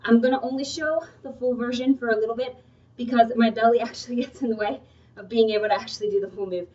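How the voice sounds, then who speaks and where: A young adult woman leads a workout video as a fitness instructor, talking in a chatty, encouraging way and breaking off now and then to laugh. Her voice is fairly high, steady and somewhat dark in tone, and she speaks quickly. The sound is muffled, recorded from a distance.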